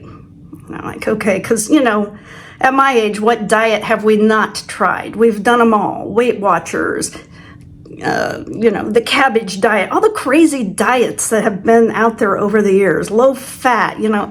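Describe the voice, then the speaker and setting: A woman's voice: on the high side, unhurried. A woman in her sixties hosting her own vlog, telling a personal story in a chatty, self-deprecating way. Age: 60s. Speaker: channel host. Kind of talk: casual vlog chat.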